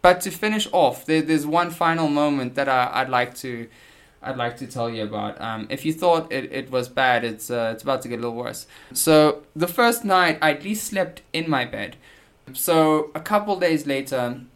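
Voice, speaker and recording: A man's voice: medium pitch, lively intonation, moderate pace, fairly bright tone. A man hosting his own podcast, telling a travel story in a casual, self-deprecating, joking way. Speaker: podcast host.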